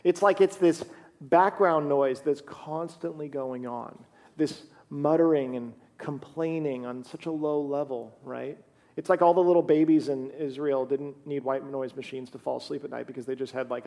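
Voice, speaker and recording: A man's voice: mid-range voice, steady tone, moderate pace, vocal fry, mellow. A man preaching a sermon in a conversational way, reading scripture aloud as he goes. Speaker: pastor.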